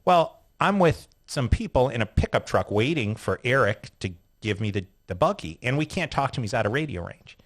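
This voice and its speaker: Profane, animated male storyteller. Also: medium pitch, fairly quick, hardly any pauses. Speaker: interview guest, retired sports car driver. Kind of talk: casual storytelling interview.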